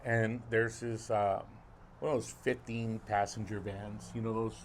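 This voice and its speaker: A man's voice: on the low side, flat delivery, measured pace, slight background noise. A middle-aged man, co-hosting a podcast and telling a rambling, profane story with lots of fillers. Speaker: podcast co-host. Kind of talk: casual chat.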